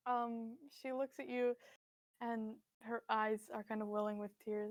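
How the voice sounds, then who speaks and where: A woman narrating a tabletop role-playing scene as game master, descriptive and relaxed, with fillers. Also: fairly high pitch, a little slow, no echo.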